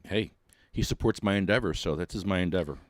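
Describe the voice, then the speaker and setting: A man's voice: sits low, quick pace, dry recording, studio quality. A man hosting a podcast in casual chat, jokey and laughing as he talks in bursts. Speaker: podcast host.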